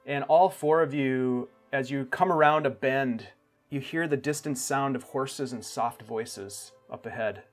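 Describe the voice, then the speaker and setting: A man running a tabletop game as game master, giving unhurried descriptive narration of the scene. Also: mid-range voice, soft background music.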